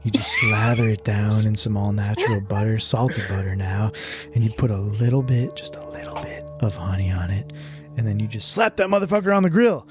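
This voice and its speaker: A man's voice: on the low side, lively intonation, a little fast, hardly any pauses, music in the background, natural voice. A man imitating a laid-back stoner man selling squash at a market, drawling and dropping to a whisper. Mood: coaxing.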